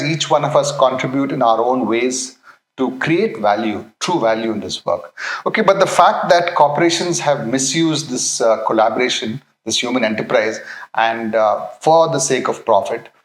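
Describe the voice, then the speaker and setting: A man giving a Christian talk about work, speaking haltingly and often checking in with his listeners. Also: medium pitch, animated, reverberant, rough recording. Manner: halting, many fillers and restarts, checks in with "okay". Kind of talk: faith talk with anecdote.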